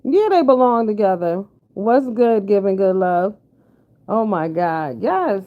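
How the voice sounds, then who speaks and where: A woman's voice: medium pitch, lively intonation, slow. Woman vlogger, blunt and profane commentary, dull lo-fi recording. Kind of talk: casual commentary chat. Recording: dull lo-fi sound.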